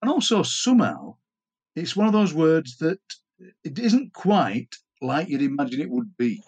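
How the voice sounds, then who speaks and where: Husky storytelling Yorkshire man. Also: on the high side, measured pace. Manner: animated storyteller, playful with words. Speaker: guest. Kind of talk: casual conversation.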